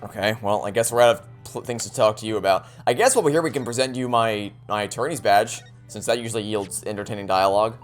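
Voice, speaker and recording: A woman's voice: very deep voice, fast talker, hardly any pauses, soft background music. A woman giving chatty, joking commentary as she plays through a story game. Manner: chatty, joking, stumbling restarts. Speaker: let's play host. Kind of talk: casual gaming commentary.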